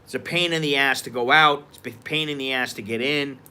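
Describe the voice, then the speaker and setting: A man's voice: mid-range voice, brisk, sharp tone, smooth. A man from the United States telling a story and ranting on a live stream, heated and profane. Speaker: vlogger. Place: outdoors at a market.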